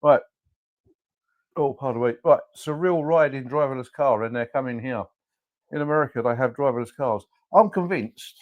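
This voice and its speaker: A man's voice: medium pitch, moderate pace. A man co-hosting a comedy podcast in casual chat, joking and laughing often. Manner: jokey, laughs often, playful. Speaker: podcast co-host.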